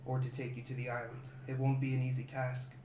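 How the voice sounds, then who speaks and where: A solemn monk giving a quiet, grave warning, as a man puts him on. He speaks low and steady in a tabletop game. The recording has an echoey room and a faint hiss. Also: fast talker, close to an everyday voice.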